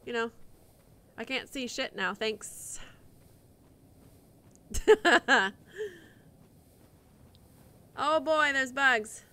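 A woman's voice: high-pitched, very slow, long pauses, pushed and bright. A woman streaming live gameplay commentary, muttering and swearing in frustration at the game as she plays.

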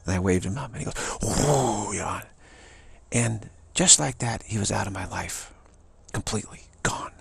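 A man's voice: lowish voice, moderate pace, gravelly, fairly bright tone, a little hiss or hum. A man telling a personal story as a spiritual teacher, repeating key phrases and slipping into whispered asides. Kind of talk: casual storytelling talk.

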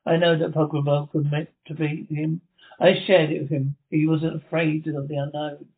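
A man's voice: fairly high pitch, flat delivery, normal speed, vocal fry, husky. A man reading the part of a loving, anxious wife, speaking tenderly and pleading. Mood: upset. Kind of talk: amateur script reading. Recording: tinny phone-like sound.

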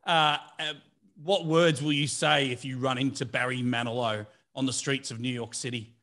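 A man's voice: mid-range voice, fairly even intonation, normal speed, bright, forceful tone. An Australian man hosting a casual interview, eager and chatty, laughing easily. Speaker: interview host.

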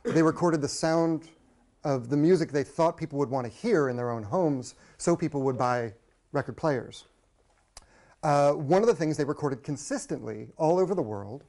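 An American man gives a public lecture on old recordings, speaking conversationally and pausing often. His voice is medium-pitched with a darkish tone.

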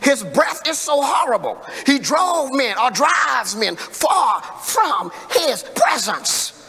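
A man preaching in a church, his bright voice swinging widely in pitch as he works the congregation. He takes his time, then rises into emphatic shouted lines. The sound rings with the long reverb of a large church hall. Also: very animated, slow, vocal fry, slightly rough. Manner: call-and-response preaching, building to emphatic shouts. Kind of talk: sermon. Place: church sanctuary.

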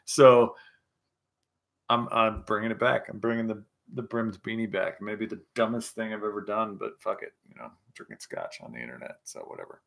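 Here the young livestream host sounds gravelly and a bit bright, his voice on the low side and his pace moderate. A few scotches in, he swears, laughs, and wanders through stories while reading chat.

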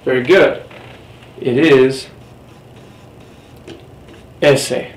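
A man's voice: medium pitch, fairly even intonation, very slow, recorded from a distance. A man teaching a Spanish class in a recorded lecture, explaining step by step and quizzing his students. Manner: patient, explains step by step, asks the class questions. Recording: roomy, off-mic, faint background hiss.

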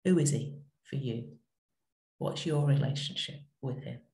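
A middle-aged woman vicar giving a gentle, reflective talk that tells a story, with pauses. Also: very deep voice, gravelly, roomy sound. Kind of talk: short spoken reflection.

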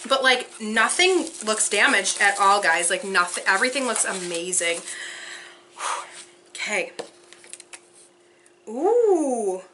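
Young woman, excited unboxing vlog, gasping and gushing, bright voice, faint room hiss. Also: mid-range voice, unhurried. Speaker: unboxing vlogger.

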